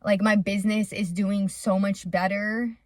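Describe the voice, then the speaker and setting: Talking a little slowly in a level, mid-range voice, this vlogger and small business owner speaks openly to viewers in a confessional video. She rambles, peppering everything with "like", and the audio is studio quality without room sound.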